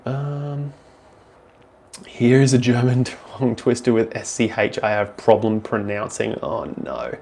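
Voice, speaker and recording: A man's voice: mid-range voice, flat delivery, unhurried, a little mellow, a little hiss or hum. A young Australian man with an Australian accent, casually answering viewer questions on a live stream in a loose, rambling way, full of ums and restarts.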